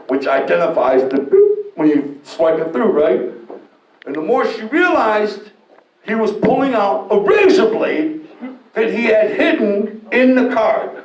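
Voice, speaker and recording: A man telling a candid, profane personal story in an animated way, getting loud and shouting at dramatic moments. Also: sits high. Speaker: storyteller guest. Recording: roomy echo, distant mic, faint noise.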